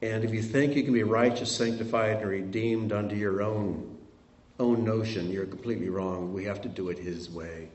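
A man's voice: fairly low pitch, fairly even intonation, moderate pace, a little mellow. A middle-aged man preaching a sermon as a pastor, conversational, asking his congregation rhetorical questions. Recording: roomy sound from a distant mic.

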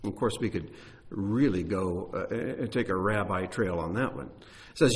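Animated male Bible teacher. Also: lowish voice, normal speed. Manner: explanatory, conversational with fillers.

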